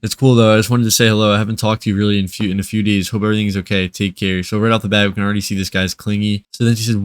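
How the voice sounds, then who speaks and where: A man's voice: on the low side, level tone, smooth, no room sound, studio quality. A man doing casual, sarcastic commentary as he reads out and mocks text message screenshots. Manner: sarcastic, mocking, quick-talking. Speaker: reaction video creator. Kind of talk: casual commentary reading texts aloud.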